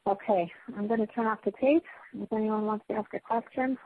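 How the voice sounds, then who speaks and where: A woman's voice: mid-range voice, fairly even intonation, fairly quick, husky, phone-quality sound. A woman teaching a Torah class to a small group. She is earnest and emphatic, often restarts her phrases and checks in with her listeners. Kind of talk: spiritual lecture to a small group.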